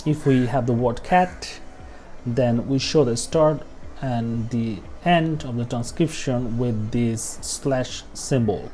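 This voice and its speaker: A man's voice: medium pitch, slow pace, a little mellow, slight background noise. A man teaching pronunciation over a lesson walkthrough, repeating example words and often checking in with "okay?". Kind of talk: screen-share lesson walkthrough.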